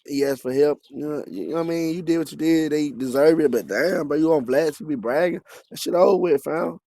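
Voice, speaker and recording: A man's voice: on the high side, a little fast, gravelly. A man giving casual reaction commentary in an incredulous, slangy manner. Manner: incredulous, slangy, trails off quietly. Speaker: reaction video host.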